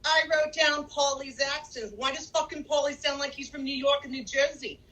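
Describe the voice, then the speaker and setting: A woman's voice: high voice, steady tone, moderate pace, bright, forceful tone, low-quality recording. A woman from California with a cold, co-hosting a podcast in a blunt, opinionated way, swearing casually. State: nasal from a cold. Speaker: podcast co-host.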